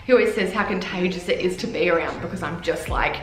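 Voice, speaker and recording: A woman talking excitedly to camera in a casual vlog about launching her clothing brand. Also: lowish voice, fast, echoey room, poor audio. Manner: gushing, excitable. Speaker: fitness clothing brand founder.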